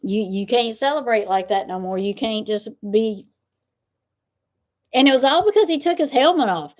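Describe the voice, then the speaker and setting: Middle-aged woman, host of a live chat show, higher voice, blunt and chatty, laughs easily. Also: animated, normal speed, a little mellow. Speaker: tarot livestream host. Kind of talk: casual chat with viewers.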